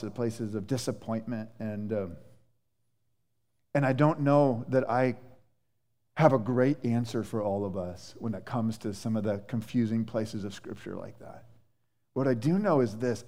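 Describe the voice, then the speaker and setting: Animated man preaching in a hall. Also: mid-range voice, moderate pace. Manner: conversational, animated, many restarts and fillers. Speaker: pastor. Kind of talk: sermon. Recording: echoey church hall.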